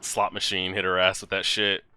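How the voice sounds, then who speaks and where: A man hosting an anime reaction video, talking casually and excitably, swearing and talking back at the screen. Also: low-pitched, moderate pace, clean tone.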